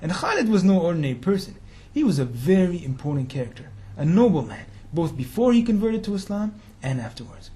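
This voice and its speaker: A man's voice: high-pitched, big pitch swings, fairly quick, dark tone. A man telling a religious story in a sermon, talking casually and slangily and firing rhetorical questions at his listeners. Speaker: preacher.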